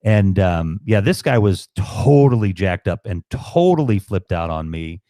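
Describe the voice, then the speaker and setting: Give me a low-voiced, profane, rambling man. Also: sing-song, measured pace, mellow, no room sound, studio quality. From Chicago, USA. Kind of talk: casual chat on a live stream.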